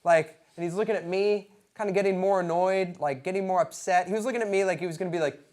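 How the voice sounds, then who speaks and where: A man's voice: high voice, fast. Man in his 30s telling stand-up stories. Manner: animated, acts out quotes in sudden loud bursts. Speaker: stand-up comedian. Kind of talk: stand-up comedy storytelling. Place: comedy stage before a live audience.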